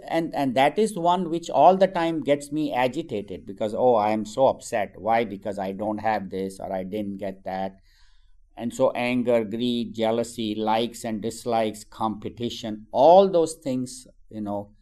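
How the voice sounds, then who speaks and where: A man gives a spoken teaching on meditation, talking in an easy, conversational way. He scatters "you know" asides through his points and briefly acts out what everyday people say. His voice sits in an ordinary middle pitch. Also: darkish tone. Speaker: spiritual teacher.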